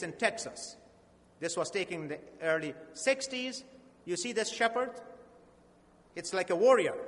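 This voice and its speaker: Earnest high-voiced preacher in a hall. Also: male voice, a bit bright. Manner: earnest, slow and emphatic, with halting restarts. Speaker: pastor. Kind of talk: sermon. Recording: long hall reverb.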